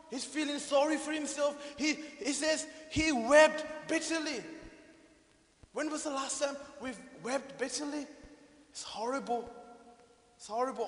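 A man preaching a sermon, swinging from loud proclaiming to hushed, quiet lines. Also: very high-pitched, fairly even intonation, unhurried. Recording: echoey hall.

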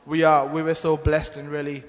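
A man's voice: fairly high pitch, completely flat delivery, normal speed. A man giving an earnest, rambling church testimony, often restarting his sentences. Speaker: mission team member giving testimony. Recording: long hall reverb.

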